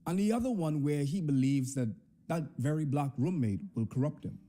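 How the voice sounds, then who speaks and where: Young Bahamian male storyteller, animated delivery, warm dark tone. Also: moderate pace. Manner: animated, swings between high and low pitch. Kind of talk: comic personal storytelling.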